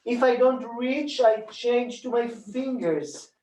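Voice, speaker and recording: A man, a bodywork teacher, calmly explaining a hands-on demonstration and chanting rhythm sounds as he works. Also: very high-pitched. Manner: calm, unhurried, counts and chants rhythm sounds while demonstrating. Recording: echoey room, voice from a distance.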